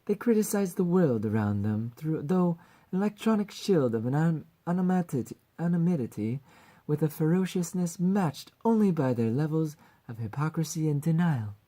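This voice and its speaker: A woman's voice: low-pitched, animated, moderate pace, dark tone, voice pushed up. Woman doing a theatrical British succubus. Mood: mock-grand. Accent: attempted British. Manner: grandiose mock-formal rant, coy teasing. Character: immortal succubus mascot woman, bright, theatrical. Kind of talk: voice acting audition read.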